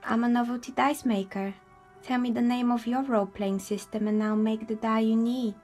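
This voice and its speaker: A woman playing a polite, soft-spoken dice maker from a video game. Her voice sits a little high, and her manner is calm and friendly, with light music underneath. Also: normal speed, lightly acted.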